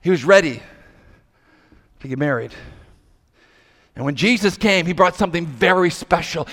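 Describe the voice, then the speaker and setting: Pastor guy preaching, kinda high voice, acts out the story voices, big echoey church hall. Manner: animated, acts out quoted voices. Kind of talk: sermon with storytelling. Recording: long hall reverb.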